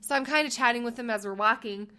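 Bright-voiced woman telling a story. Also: on the high side, fast talker, clean tone. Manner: animated, laughing, acts out quoted lines. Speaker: podcast co-host. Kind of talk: casual storytelling chat.

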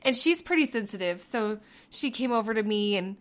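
A woman in her thirties co-hosting a podcast, telling family stories in a casual, animated way, laughing and acting out quotes. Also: mid-range voice, moderate pace. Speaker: podcast co-host. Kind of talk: casual storytelling chat.

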